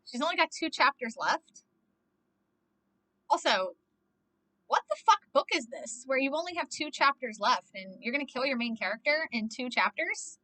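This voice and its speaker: High-pitched woman ranting about a movie, swears a ton, bright edgy voice. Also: moderate pace, low-quality recording. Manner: animated, swears constantly, exclaims and laughs. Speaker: movie reaction vlogger. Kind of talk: casual reaction commentary.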